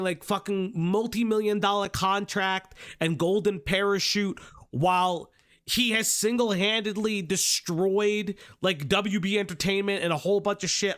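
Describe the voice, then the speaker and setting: A man's voice: sits high, a bit bright. A young man hosting a commentary livestream, rambling and swearing casually with lots of fillers. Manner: rambling, profane, many fillers and restarts.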